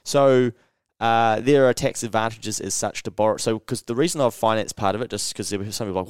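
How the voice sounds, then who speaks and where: A man hosting a podcast, telling a story in casual chat, animated and swearing freely. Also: on the low side, fairly quick, hardly any pauses, clear, resonant tone, no room sound, clean studio sound. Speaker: podcast host.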